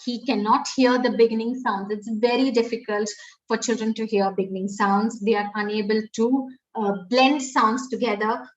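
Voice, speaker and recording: A woman's voice: fairly high pitch, steady tone, normal speed, lo-fi sound. Distant Indian woman teaching phonics. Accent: Indian English. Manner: explains step by step, often restarting and saying "uh" and "um". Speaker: pre-primary educator giving a webinar. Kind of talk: webinar talk.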